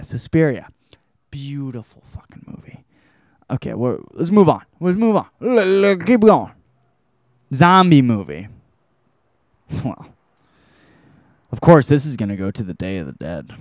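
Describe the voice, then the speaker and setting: A young man hosting a casual solo show, rambling and swearing, with loud outbursts, tired and drinking beer. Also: medium pitch, clean tone, no echo, studio quality. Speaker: host.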